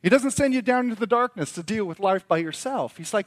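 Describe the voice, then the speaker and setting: A middle-aged man preaching a sermon as pastor, his voice sitting a little high for a man. He tells a story at length, starting in quiet reflection and building to emphatic preaching. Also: animated, fast.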